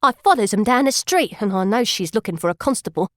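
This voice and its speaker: A woman's voice: medium pitch, lively intonation, fast talker, fairly bright tone, dry recording, clean studio sound. A woman narrating an audiobook in first person, in an emotional street-kid voice.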